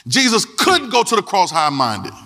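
A man preaching with a high, bright and forceful voice. He talks emphatically, repeating phrases and calling out to his listeners. His sermon delivery has a tense, ringing edge. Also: huge pitch swings, normal speed, in a large hall. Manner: emphatic, repetitive, calls out to the congregation.

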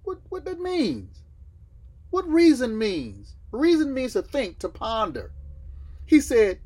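A man's voice: very high-pitched, wildly swooping pitch, takes it slowly, darkish tone. A man from the States, teaching a Bible class and asking his listeners questions that he then answers himself. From Southern United States.

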